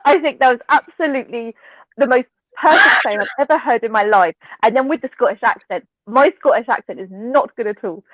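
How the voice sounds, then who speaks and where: A woman's voice: on the high side, brisk, no room sound. Giggly woman on a tinny line. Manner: giggly, enthusiastic. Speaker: guest. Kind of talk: casual chat. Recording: tinny phone-like remote line.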